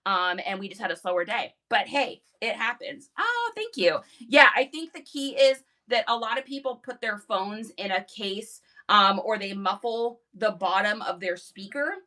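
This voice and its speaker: Bubbly high-energy woman hosting a live stream. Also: lively intonation, normal speed, hardly any pauses, pushed and bright. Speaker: live-stream reseller host. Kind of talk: casual live-stream chat. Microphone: phone.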